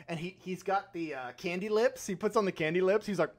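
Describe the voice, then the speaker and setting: A young man with a high voice co-hosts a casual movie podcast. He laughs often and drops into goofy voices to act out scenes he liked. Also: fairly quick. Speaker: podcast co-host. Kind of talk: casual movie review chat.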